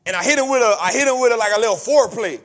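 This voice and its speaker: A man's voice: very high voice, rapid-fire, a bit bright. A man hosting a podcast, giving a preachy, emphatic motivational finance talk full of repetition and casual street slang. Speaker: podcast host.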